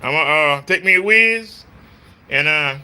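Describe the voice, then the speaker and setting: A man's voice: fairly high pitch, lively intonation, measured pace, sharp tone. A man, talking casually on a live stream in a preachy, repetitive, scolding way. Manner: mimics voices in quotes. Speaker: vlogger.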